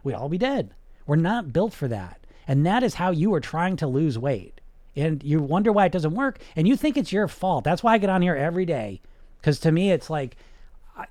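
Lively, blunt male hypnotist. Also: a little high, normal speed, no echo. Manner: emphatic, blunt, peppered with rhetorical questions and mild swearing. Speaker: hypnotist and podcast host. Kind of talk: motivational podcast monologue.

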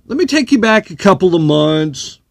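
A man's voice: high voice, sing-song, normal speed, creaky, dry recording, clean studio sound. A man hosting a solo podcast, ranting bluntly and heatedly with plenty of swearing. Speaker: podcast host.

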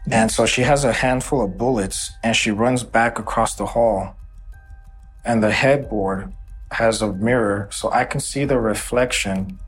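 A man telling an interviewer about a violent night in a halting way, often repeating his words. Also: fairly low pitch, soft background music. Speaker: interview guest. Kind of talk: personal account in an interview.

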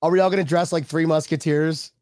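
A man's voice: a little high, fairly even intonation, fast talker, darkish tone, no echo, clean studio sound. A man co-hosting a casual sports chat show, joking and laughing often as he reads viewer comments. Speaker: podcast co-host.

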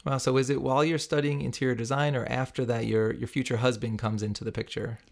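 A woman's voice: very deep voice, steady tone, fast, creaky, a little mellow. A woman interviewing a guest, asking curious follow-up questions that prompt the story along.

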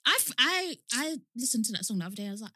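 A young woman co-hosting a podcast in casual chat, animated and chatty, quick to laugh. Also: on the high side, no echo, clean studio sound. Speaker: podcast co-host.

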